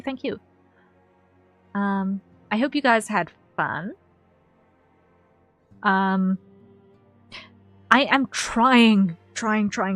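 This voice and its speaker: A woman's voice: medium pitch, a bit bright, no echo. Rambling woman streamer chatting. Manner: rambling, repeats words, many ums. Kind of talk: casual chat with viewers. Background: faint background music.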